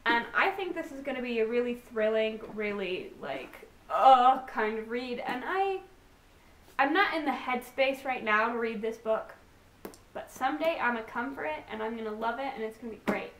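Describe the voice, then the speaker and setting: A young woman vlogger chatting casually and excitedly, rambling with lots of fillers as she gushes. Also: fairly high pitch, normal speed. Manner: bubbly, gushing, rambling with fillers. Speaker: book vlogger. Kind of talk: casual book haul chat. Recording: echoey room, distant mic, faint hiss.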